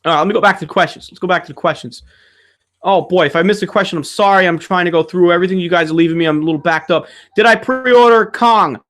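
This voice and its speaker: Man, fairly high voice, casual livestream chat, rambling and swearing, rants. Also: fast, fairly bright tone. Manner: rambling, profane, ranting. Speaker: channel host answering viewer questions. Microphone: streaming setup mic.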